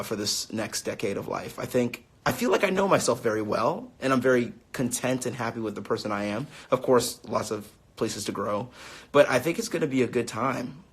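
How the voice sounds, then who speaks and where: Casting: late-twenties man, relaxed live-stream chatter, mid pitch, phone mic. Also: husky. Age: 20s. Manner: chatty and upbeat, many fillers, laughs easily. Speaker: musician reading fan questions on a live stream. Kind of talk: casual live-stream chat.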